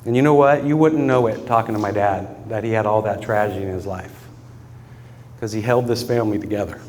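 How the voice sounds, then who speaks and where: A man's voice: fairly low pitch, a little fast, a little mellow, big-room sound, a little hiss or hum. A man giving a eulogy for his father, telling personal stories in an earnest way and often breaking into laughter. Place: funeral gathering in a room with mourners.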